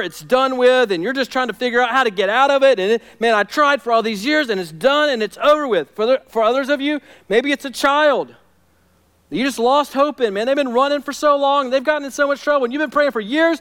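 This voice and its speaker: A man preaching a sermon, swinging from hushed, intimate lines to loud, urgent ones. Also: very high voice, brisk, clear, resonant tone. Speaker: pastor.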